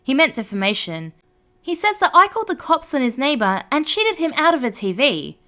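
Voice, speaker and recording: A woman with a high voice reads online stories aloud at a fairly quick pace. Her pitch swings widely, lending every line a lively, animated storytelling lilt.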